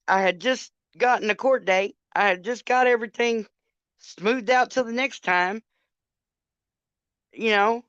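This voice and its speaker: A woman's voice: a little high, unhurried, pauses often, fairly bright tone, smooth, no echo. An older woman telling a story on a casual livestream, profane and chatty, talking straight to her viewers. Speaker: livestream host. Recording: dull lo-fi sound.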